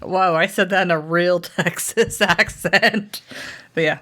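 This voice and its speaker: Woman podcast cohost, slow talker, bright voice, laughs a lot. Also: on the low side. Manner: chatty, laughs often, thinks aloud with restarts. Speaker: podcast co-host. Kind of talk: casual podcast chat.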